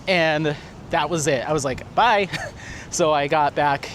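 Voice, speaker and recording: A man's voice: a little high, measured pace. Chatty man vlogging on a street walk. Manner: chatty, animated retelling with laughs. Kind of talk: casual storytelling while walking. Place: outdoors on a city street. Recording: faint traffic and street noise.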